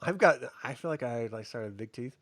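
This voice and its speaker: Rich: A middle-aged man co-hosting a casual review podcast, swinging his pitch widely as he tells profane stories. His voice is recorded close and dry, with no room sound. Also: moderate pace, dry recording. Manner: profane, animated storytelling with laughs. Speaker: co-host reviewing a baking show.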